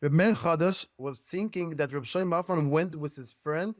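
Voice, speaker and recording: A Hebrew-native man explains his views as an educator in an earnest, storytelling way, his English halting and dotted with Hebrew terms. His voice sits a little high. The recording is dry and close. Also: no echo. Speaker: guest rabbi and educator. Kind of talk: podcast discussion.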